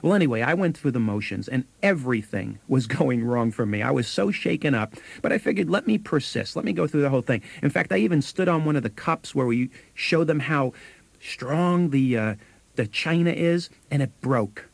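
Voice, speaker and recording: A man's voice: medium pitch, expressive, normal speed, gravelly, no room sound. A man co-hosting a sales training tape, telling anecdotes with acted quotes and chuckles.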